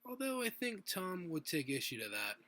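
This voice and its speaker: Man reading as a relaxed young superhero. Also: high voice, normal speed, pitched above the performer's own voice, heavily acted. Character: easygoing young adult male superhero.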